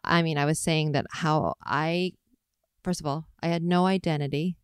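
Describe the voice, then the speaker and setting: A woman's voice: sits low, fairly even intonation, normal speed, clear, resonant tone, dry recording, studio quality. A young adult woman interviewing guests, talking openly and reflectively in a loose, rambling way. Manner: open, rambling, self-reflective, laughs often. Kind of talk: candid conversational interview.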